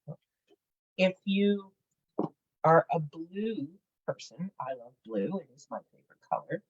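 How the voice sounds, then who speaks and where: A middle-aged woman demonstrating a craft project in casual chat, laughing often and filling pauses with "uh.". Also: low-pitched, lively intonation, husky, highs cut off. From Canada. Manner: chatty, laughs often, many fillers. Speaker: craft instructor.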